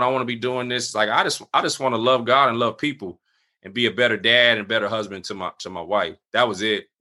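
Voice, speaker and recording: A middle-aged man, a pastor, telling a personal story in casual conversation, full of fillers and acting out other people's lines in a raised voice. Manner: animated, acts out quoted voices at higher pitch.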